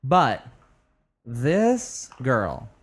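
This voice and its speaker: A man's voice: medium pitch, extremely slow, breathy edge. Guy cohosting a chatty podcast, voice jumps all over, laughs a lot. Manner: animated storyteller, laughs often. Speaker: podcast co-host. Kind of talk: casual chat. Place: home apartment with back door open.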